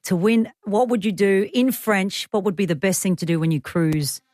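A woman hosting a radio show in a studio, bubbly and quick to laugh, reading passages with playful drama. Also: mid-range voice, darkish tone. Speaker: radio host. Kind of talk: lively radio chat. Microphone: studio microphone.

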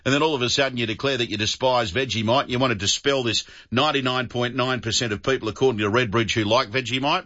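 A man with an Australian accent hosting talkback radio, jokey and quick to laugh. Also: medium pitch, bright, forceful tone, highs cut off. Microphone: studio microphone.

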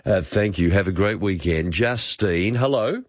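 A man's voice: fairly low pitch, animated, unhurried, no echo, highs cut off. A man hosting a call-in radio show, chatting easily with callers. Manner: easygoing, chatty, responds briefly between callers. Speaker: talk radio host.

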